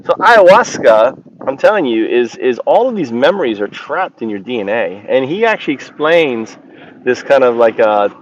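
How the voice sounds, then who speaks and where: Man of mid-range pitch telling a personal story in a halting, word-searching ramble; muffled low-fi recording. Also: big pitch swings, a little hiss or hum. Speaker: channel host. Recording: dull lo-fi recording.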